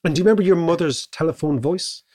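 A middle-aged Irish man co-hosting a podcast in casual chat. He muses aloud and keeps checking in with a quick "right?". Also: a little high, a little mellow. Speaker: podcast co-host.

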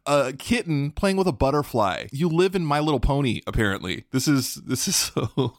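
A man co-hosting a podcast, excitable and gushing, swearing and laughing in casual emotional chat. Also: medium pitch, normal speed, no room sound, studio quality. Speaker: podcast co-host.

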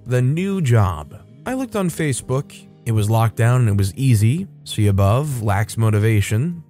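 A man's voice: mid-range voice, sing-song, normal speed, mellow, faint music behind. A man hosting a storytelling channel, narrating in a conversational way and speaking to his audience. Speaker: host narrator.

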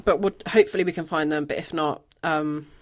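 A woman's voice: low voice, steady tone, fast talker. A woman co-hosting a casual cookbook podcast. She chats loosely, laughs easily and trails off into ums and uhs as she explains things. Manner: chatty, laughs often, trails off with fillers. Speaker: podcast co-host. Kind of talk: casual chat.

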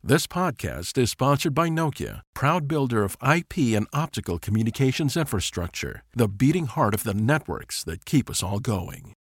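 A man's voice: medium pitch, very animated, normal speed, few pauses, breathy edge, dry recording, clean studio sound. A man reading a scripted sponsor message in a polished, promotional delivery. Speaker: ad announcer.

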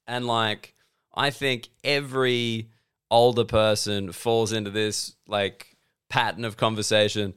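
A man's voice: fairly low pitch, flat delivery, measured pace, a bit bright, clear, resonant tone. A man in his thirties with an Australian accent, rambling through a sardonic comedic monologue and acting out both sides of the conversations he describes. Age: 30s. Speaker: comedian and podcast host.

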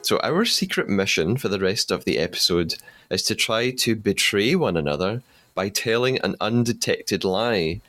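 A man's voice: fairly low pitch, expressive, moderate pace, a bit bright. A man hosting a podcast interview in a chatty way, laughing easily between questions. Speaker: podcast host.

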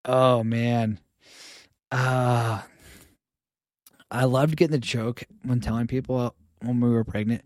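A man chatting as a podcast guest, telling stories in a lively way and acting out the people he quotes. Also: mid-range voice, slow pace, pauses often, dry recording, clean studio sound. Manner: animated storyteller who acts out quoted people. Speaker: podcast guest, stay-at-home father. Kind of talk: casual podcast conversation.

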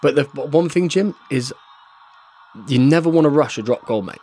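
An English man in his thirties, a professional rugby player, chatting excitedly while rewatching match footage and calling his friend "mate" constantly. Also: a little high, normal speed, breathy edge. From England. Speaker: guest, professional rugby fly half. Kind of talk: casual chat while watching match footage.

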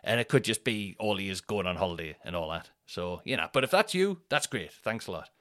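A man's voice: sits low, sing-song, brisk, a bit bright. A Northern English man hosting his own podcast, talking alone in a rambling, sweary, self-mocking way. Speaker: podcast host. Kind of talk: casual solo podcast chat.

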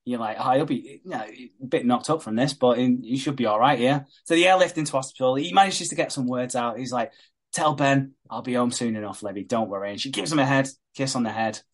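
A man's voice: mid-range voice, fast, few pauses. A man in casual chat, retelling a soap plot with lots of swearing and acted-out quotes. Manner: sweary storyteller acting out quotes. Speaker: podcast co-host.

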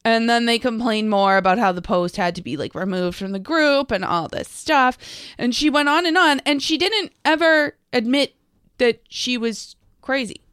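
A woman's voice: fairly high pitch, moderate pace, fairly bright tone, clean tone, no echo, clean studio sound. A woman co-hosting a podcast, telling stories in a casual chat and quoting others as she goes. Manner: chatty storyteller, quotes others, laughs easily. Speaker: podcast co-host.

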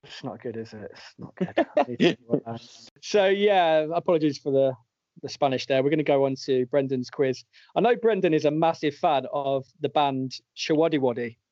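Chuckling through the questions and answers, a podcast host with a fairly high voice runs a laid-back quiz at normal speed. His jokey delivery comes through dull, lo-fi audio that is dry and close, with no room sound.

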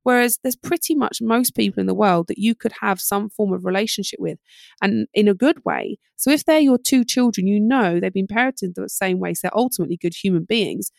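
A middle-aged woman coaching parents at a brisk clip, her voice carrying a gravelly fry. She acts out quick bits of parent-child talk as she explains, and the sound is close and dry. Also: mid-range voice, no room sound. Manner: fast, animated advice with acted-out parent-child dialogue. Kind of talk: podcast interview.

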